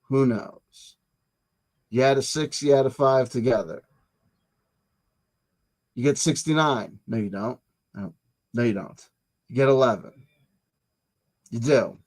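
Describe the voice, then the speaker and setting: Guy rambling on his stream, mid pitch, jokey, keeps restarting and repeating himself. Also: a little slow, pauses often, a little mellow. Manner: digressive, jokey, talks back to himself; stumbles and repeats words. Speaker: channel host. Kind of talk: rambling livestream monologue on dates and history.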